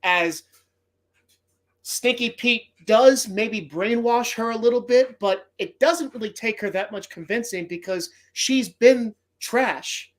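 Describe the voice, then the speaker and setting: A man's voice: very high voice, slow pace. Brief: male podcast host, loose and rambling, swears freely, heartfelt. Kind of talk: casual movie podcast talk.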